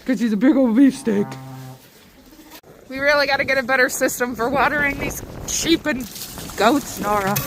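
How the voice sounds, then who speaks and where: A woman's voice: high-pitched, normal speed, long pauses. A woman on a ranch chatting casually while doing chores, cooing at the animals in a sing-song baby-talk voice. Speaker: ranch vlogger. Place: outdoors at a windy ranch barn. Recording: wind noise and farm animals. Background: wind and livestock.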